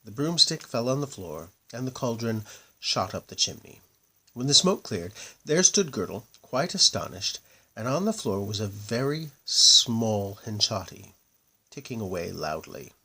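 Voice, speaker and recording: A man reading a children's fairy tale aloud in a lively, expressive way. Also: lowish voice, a little slow, gravelly, slightly rough. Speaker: storyteller.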